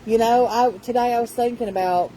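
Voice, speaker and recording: Chatty woman, dark voice. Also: a little high, steady tone, brisk, slight background noise, low-quality recording. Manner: rambling, chatty storytelling. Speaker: vlogger. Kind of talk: casual vlog chat.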